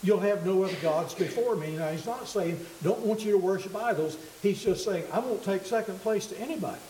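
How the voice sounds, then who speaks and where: A man preaching a sermon with a high, mellow voice. He talks earnestly and haltingly, restarting phrases as he goes. The room is echoey, with a faint hiss under the recording.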